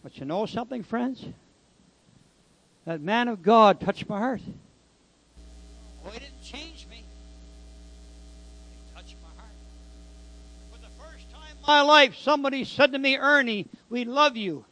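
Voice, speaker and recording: A man's voice: very high-pitched, measured pace, long pauses, pushed and bright. A man giving a preaching testimony as a former convict, telling his story in an emphatic, dramatic way.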